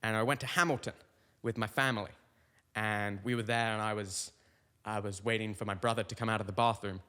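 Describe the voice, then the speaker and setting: A man's voice: on the low side, steady tone, fairly quick, bright, forceful tone, clean tone, big-room sound. A young adult man hosting a comic podcast monologue, telling rambling stories full of tangents. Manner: rambling, tangent-prone storytelling. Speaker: comedian host.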